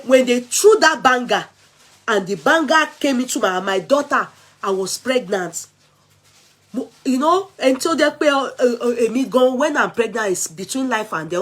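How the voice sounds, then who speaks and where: A middle-aged woman with a Nigerian Yoruba accent, talking through casual commentary as a vlog host, animated and exclaiming as she switches between languages. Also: medium pitch. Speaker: vlog host taking calls.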